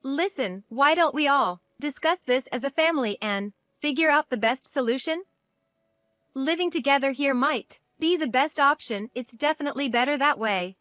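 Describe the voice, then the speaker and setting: A self-centered adult brother, read by a woman narrator in a family drama story. The lines come out plain and read-out, in a slightly high voice on a dry, close recording. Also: animated, normal speed, fairly bright tone, no echo. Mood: coaxing.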